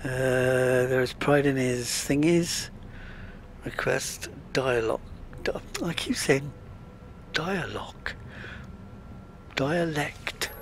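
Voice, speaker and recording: Man, gravelly voice, slow-paced let's-play chatter, faint background hum. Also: mid-range voice, fairly even intonation. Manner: chatty, muttering to himself while playing. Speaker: gaming channel host. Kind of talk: casual let's-play commentary.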